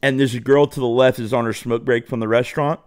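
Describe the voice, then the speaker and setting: A man's voice: mid-range voice, fairly even intonation, fast talker, clear, resonant tone, no room sound, studio quality. Profane, swaggering young man telling a story. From Southwest Ohio. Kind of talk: casual storytelling.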